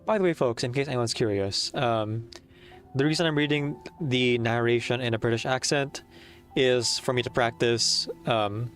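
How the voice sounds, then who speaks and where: A man's voice: mid-range voice, moderate pace, fairly bright tone, faint music behind. A man streaming a game, chatting casually and rambling with many fillers.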